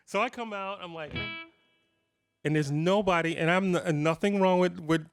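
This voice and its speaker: A clean-toned, high-sitting voice at normal speed comes from a man in his fifties. He's in a guitar shop clinic room, casually telling a live audience meandering stories that mock himself and often restart.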